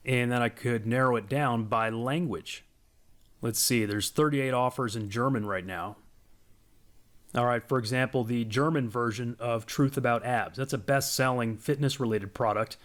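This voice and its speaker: A man giving a casual, explanatory walkthrough of a software product on screen. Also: mid-range voice. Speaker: software demo presenter.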